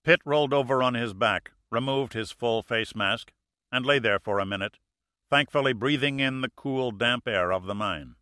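A man narrating a thriller audiobook in a steady, measured way. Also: medium pitch, no room sound, studio quality. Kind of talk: scripted narration.

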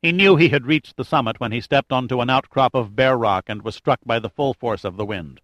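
A man narrating an adventure audiobook in a steady, measured way with light drama. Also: medium pitch, no echo. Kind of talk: scripted narration.

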